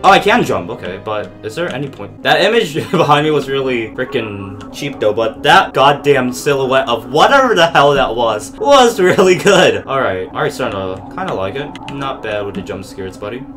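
A man's voice: medium pitch, lively intonation, normal speed, few pauses, a bit bright. A man giving gameplay commentary on a horror game, jumpy and swearing, talking back to the game. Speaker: gaming YouTuber. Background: game music.

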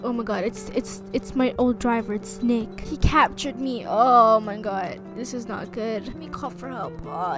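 A woman gamer and channel host giving excitable roleplay commentary, often panicking and repeating herself. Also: a little high. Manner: panicky, exclaiming, repeats phrases.

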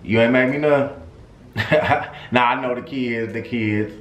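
A man's voice: medium pitch, slow pace, fairly bright tone, roomy sound. A man performing a comedic phone call skit, joking and talking in slang.

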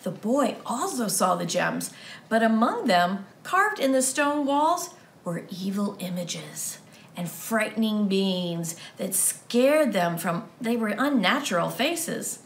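Woman reading a story to kids, slow and expressive, echoey room. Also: mid-range voice, gravelly, a little hiss or hum. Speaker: children's ministry teacher. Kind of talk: reading a story aloud to children.

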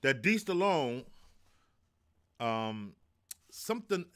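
A man's voice: mid-range voice, sing-song, slow pace, fairly bright tone. A middle-aged man hosting a live stream, talking loosely and profanely, joking and reading chat messages aloud. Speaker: live show host. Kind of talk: casual live-stream talk.

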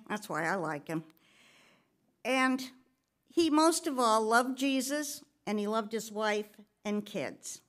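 A woman's voice: fairly high pitch, a bit bright. A pastor's wife giving a personal testimony during a church service, telling her story in a conversational way with occasional fillers.

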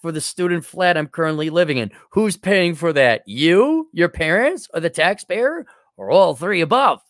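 A man's voice: a little high, very animated, moderate pace, a bit bright, no echo, studio quality. A male host reading a viewer's letter aloud and answering it with blunt, mocking sarcasm.

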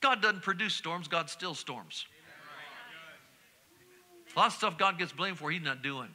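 A middle-aged male pastor preaching a sermon in a church, repeating refrains and breaking into sudden shouts. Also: on the high side, moderate pace, pauses often. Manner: preaching with call-and-response repetition and sudden shouts. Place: church sanctuary.

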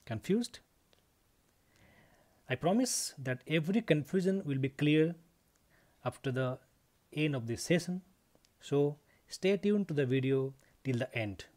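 A man's voice: fairly high pitch, lively intonation, a little slow, long pauses, darkish tone. A man teaching an English grammar lesson to his students, explaining step by step, repeating key points and checking in with a frequent "okay".

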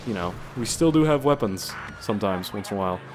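A man giving casual, rambling gameplay commentary, excitable and swearing often. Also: on the low side, fast talker, background noise. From Canada. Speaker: gaming YouTuber.

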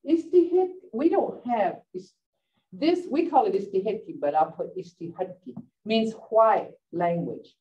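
A woman teaching a language class. She speaks slowly, and her pitch swings widely as she repeats each word for her learners. The sound is dull and lo-fi, picked up from a distant mic in a classroom. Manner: lively, laughs often, repeats words slowly for learners. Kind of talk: teaching a vocabulary lesson.

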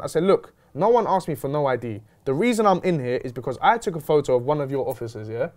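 Young guy telling a story, talks fast, voice jumping all over. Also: a little high. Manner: animated, slangy, retelling with quoted dialogue. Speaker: host. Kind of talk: casual storytelling chat.

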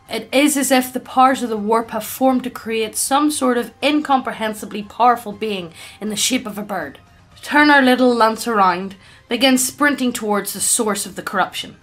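A woman's voice: mid-range voice, fairly bright tone. A woman casually reading fan stories aloud, now and then tripping over odd names. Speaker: reader.

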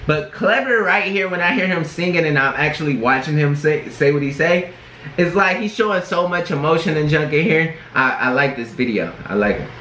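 His voice sits on the high side, expressive, bright and forceful, delivered briskly with a little hiss or hum in the recording. The man, in his twenties, hosts a chill reaction video, dropping "bro" and "bruh" throughout, as faint music from the reacted-to video echoes in the room.

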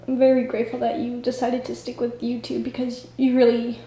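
Female vlogger on the verge of tears, soft and mellow, flat and hesitant delivery, echoey room. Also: a little high, a little hiss or hum. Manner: halting, hesitant, soft-spoken. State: fighting back tears. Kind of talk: tearful video tribute.

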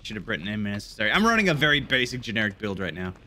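A young man giving casual, jokey gameplay commentary, excitable and swearing often. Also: lowish voice, very fast, slight background noise. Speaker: gaming YouTuber.

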